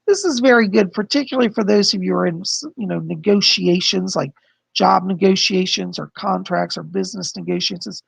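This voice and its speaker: Gravelly hoarse man giving astrology forecast. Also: sits high, brisk, a bit bright, dry recording. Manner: chatty, explains with frequent "okay?" and "you know". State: hoarse, losing his voice. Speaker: psychic astrologer host. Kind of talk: casual livestream astrology forecast.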